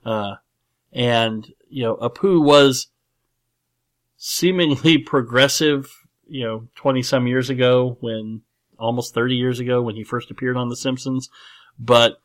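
A man's voice: medium pitch, steady tone, unhurried. Rambling man hosting a casual movie chat. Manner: rambling and emphatic, many fillers and restarts.

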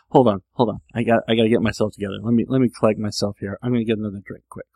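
Gravelly man rambling on a podcast. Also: on the low side, steady tone, racing, darkish tone, no room sound. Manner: rambling, self-deprecating, many restarts. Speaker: podcast host. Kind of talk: casual monologue.

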